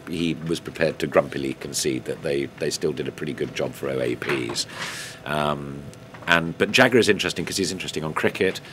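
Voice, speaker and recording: A man's voice: rumbling low, a bit bright, a little hiss or hum. An older English man, a TV news presenter, answering interview questions in a chatty, anecdotal way with fillers and self-corrections.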